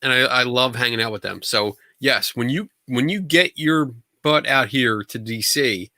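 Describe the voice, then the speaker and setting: A man hosting a casual podcast chat with a guest, relaxed and joking with quick asides. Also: mid-range voice, no room sound. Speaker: podcast host.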